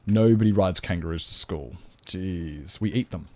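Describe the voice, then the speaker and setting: At normal speed and with a deep, mellow voice, an Australian man games on a casual live stream and chats to viewers in a blunt, sweary, rambling way. The recording has no echo.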